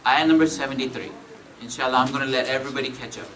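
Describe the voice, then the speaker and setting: A man teaching a grammar class, repeating each point, checking in with students and reciting verses quickly. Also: mid-range voice, fairly even intonation, pushed and bright, slight background noise, low-quality recording. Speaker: Arabic teacher.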